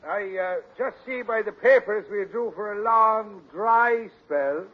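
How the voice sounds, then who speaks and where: An actor voicing a thirsty beat cop with a brogue, slow and sly, in 1940s radio comedy acting. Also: male voice, high voice, slight background noise, pitched above the performer's own voice. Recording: muffled old radio recording.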